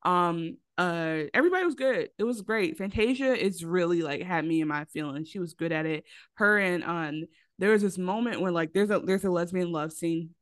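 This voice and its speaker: A woman's voice: lowish voice, normal speed, dry recording. A woman co-hosting a podcast in casual chat, telling movie plots with lots of acted quotes. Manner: animated storytelling with acted quotes. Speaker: podcast co-host.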